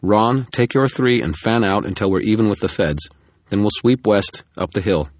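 A brisk, commanding woman police lieutenant barks clipped orders, voiced by a man reading an audiobook. The voice is very deep and husky, recorded dry and close. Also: animated, no room sound. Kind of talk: audiobook narration.

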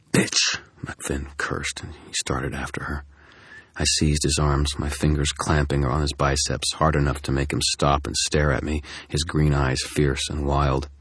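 A man narrating a first-person audiobook in a steady, dry storytelling manner. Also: extremely low pitch, slightly rough, no room sound.

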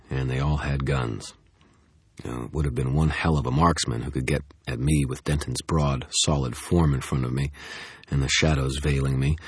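A man's voice: a bass voice, slightly rough, no room sound. A man narrating an audiobook in the first person, with wry, tense storytelling into a close microphone.

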